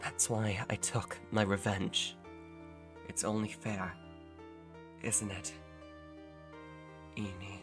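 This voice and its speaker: A woman voicing a vengeful murdered woman's spirit, speaking slowly, low and menacing. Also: flat delivery, over music.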